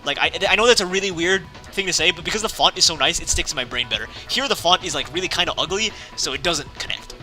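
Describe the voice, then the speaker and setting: A man's voice: on the high side, lively intonation, quick pace, few pauses, bright, forceful tone, soft background music. A young man casually playing through a visual novel, reading the text aloud, rambling, correcting himself and laughing often. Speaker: let's play host.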